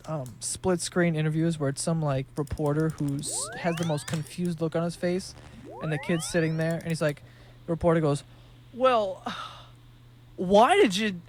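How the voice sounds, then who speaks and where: A man's voice: high voice, a little hiss or hum. A young man from New York City chatting casually while he plays a game, telling stories with lots of swearing and laughter. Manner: profane, laughing, animated storytelling. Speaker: gaming streamer.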